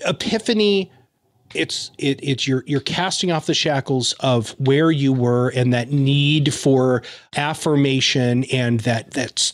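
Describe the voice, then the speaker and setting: A man hosting a podcast interview, talking in an animated way with quick, opinionated asides. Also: mid-range voice, no room sound. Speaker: podcast host. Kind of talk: conversational interview.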